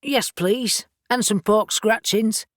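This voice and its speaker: A woman's voice: mid-range voice, takes it slowly, no echo, studio quality, voice pushed up, lightly acted. A woman reading the part of a big, brash shifter man who talks bluntly and teases his friends. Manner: blunt, teasing.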